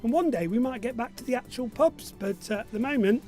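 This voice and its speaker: A man runs a live-streamed pub quiz. He talks in a light, high voice. He chats and jokes with his viewers and reads out their messages as they come in. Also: animated, brisk, darkish tone, faint music behind. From Burnley, Lancashire, England. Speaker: quiz host.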